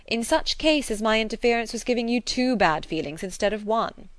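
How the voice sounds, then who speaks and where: A woman voicing an earnest, affectionate gentleman who gently reproves the woman he loves, in an audiobook reading. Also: on the high side, expressive, normal speed, dry recording, pitched above the performer's own voice, close to an everyday voice.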